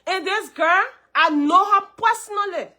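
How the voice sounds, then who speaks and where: A Liberian woman hosting a live stream, her voice hoarse from a cold yet high and bright. She talks straight to her viewers, greets them by name and drives her points home by repeating them again and again. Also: moderate pace. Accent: Liberian English.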